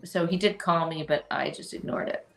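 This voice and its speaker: A woman's voice: fairly low pitch, normal speed, creaky, a bit bright, faint music behind. A woman co-hosting a casual chat, self-deprecating and hesitant, often trailing off mid-sentence. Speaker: co-host.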